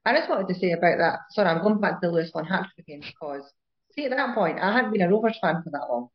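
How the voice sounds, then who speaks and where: A woman's voice: fairly low pitch, expressive, fast, muffled recording. A woman chatting earnestly and enthusiastically about her first football games. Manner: enthusiastic, earnest fan talk. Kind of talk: casual chat.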